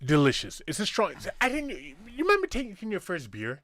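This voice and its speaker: A man's voice: high voice, wildly swooping pitch, a little fast, fairly bright tone. A man co-hosting a casual podcast, reading listener emails aloud with loose, profane jokes. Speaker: podcast co-host.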